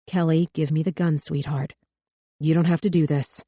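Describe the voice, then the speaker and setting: A woman voicing a calm, steady man who talks an armed girl down in an audiobook. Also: low voice, normal speed, slightly rough, dry recording. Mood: calm firm. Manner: calm, firm, soothing. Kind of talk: audiobook character voice.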